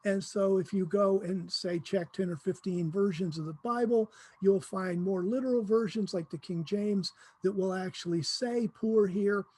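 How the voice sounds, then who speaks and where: Mellow, husky-voiced Bible teacher. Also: mid-range voice, steady tone, moderate pace, few pauses, no echo. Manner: informal, acts out quoted speakers with humor.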